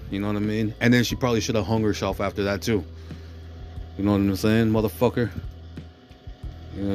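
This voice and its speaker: A man's voice: on the low side, darkish tone. A man hosting a podcast, ranting aggressively with constant swearing and asking "you know what I'm saying" again and again. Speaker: podcast host. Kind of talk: profane ranting monologue.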